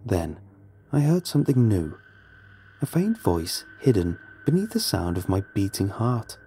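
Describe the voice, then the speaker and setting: A man narrating a first-person horror story in a hushed, dramatic way. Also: on the low side, big pitch swings, measured pace, a little hiss or hum.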